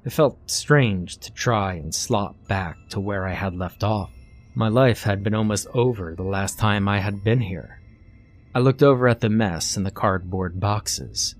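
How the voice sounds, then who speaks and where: Low-voiced man narrating horror. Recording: faint music underneath.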